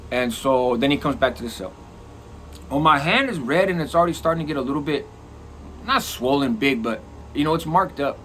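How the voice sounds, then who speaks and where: A middle-aged man telling a prison story in a casual, profane, animated way. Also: medium pitch, brisk, slight background noise. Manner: animated, profane, acts out quoted lines.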